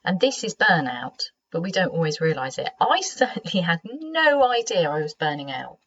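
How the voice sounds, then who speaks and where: A British woman hosting her own podcast, speaking gently and conversationally in a croaky, sleepy voice. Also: lowish voice, big pitch swings, moderate pace. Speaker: podcast host. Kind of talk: solo podcast monologue. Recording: slightly dull lo-fi sound.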